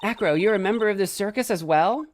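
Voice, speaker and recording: A man's voice: sits high, fast talker, a little hiss or hum, voice pushed up, close to an everyday voice. A man voicing an earnest young male defense attorney from a video game, asking questions in a slightly raised voice.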